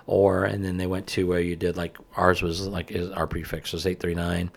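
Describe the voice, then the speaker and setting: A man's voice: low-pitched, level tone, moderate pace, gravelly. A man in his fifties chatting casually, rambling folksy stories with many fillers. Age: 50s. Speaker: co-host, father of the host. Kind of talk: casual chat.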